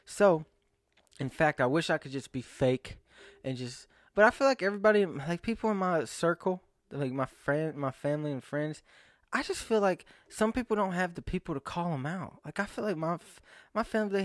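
A man's voice: fairly high pitch, lively intonation, moderate pace, no room sound, studio quality. Rambling self-mocking young man. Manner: rambling, self-mocking, laughs and sighs often. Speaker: vlogger. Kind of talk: rambling casual monologue to camera.

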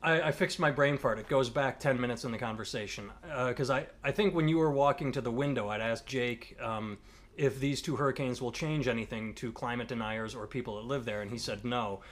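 A man's voice: mid-range voice, brisk. A man, a comedian and podcast co-host, talking in loose casual chat that rambles, swears freely and heats up into rants.

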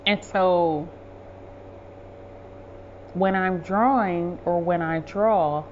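A woman's voice: fairly low pitch, very slow, highs cut off, a little hiss or hum. A woman hosting a podcast, telling a personal story in a rambling, conversational way and often correcting herself mid-sentence. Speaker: podcast host. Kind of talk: casual storytelling monologue.

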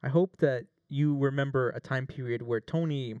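The recording is dry and muffled, with a man of medium pitch talking at a moderate pace. Cast as a plaintiff in a mock trial, he recounts a long story with animation, joking, and swearing, in a casual courtroom-storytelling style.

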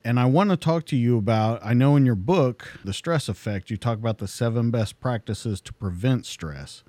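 A man's voice: medium pitch, normal speed, dark tone, no echo. A man hosting a podcast, asking thoughtful, winding questions of his guest. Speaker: podcast host. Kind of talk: interview questions. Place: podcast studio.

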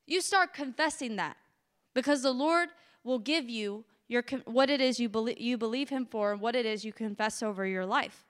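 A woman's voice: fairly high pitch, moderate pace. A woman preaching a testimony sermon with passion, her voice cracking with emotion as it builds.

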